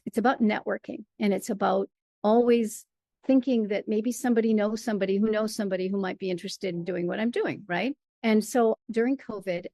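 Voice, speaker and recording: Animated American woman telling stories, dry sound. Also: medium pitch, no room sound. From United States. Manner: animated storyteller, laughs often. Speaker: guest, playwright and performer. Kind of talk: casual interview conversation.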